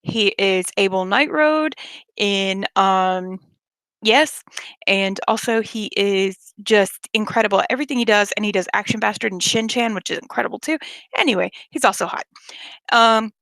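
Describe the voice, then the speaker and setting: A woman's voice: mid-range voice, moderate pace, dry recording. A young woman with a Southern US accent telling rambling stories and chatting casually with her viewers late at night. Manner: rambling, animated storytelling with frequent laughs and swearing.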